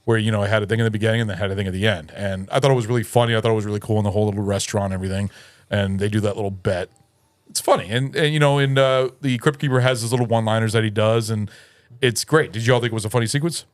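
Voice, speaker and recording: A man's voice: on the low side, fairly even intonation, rapid-fire, no room sound. A man co-hosting a podcast who leads the talk about a film with rambling questions. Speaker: podcast co-host. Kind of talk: casual chat.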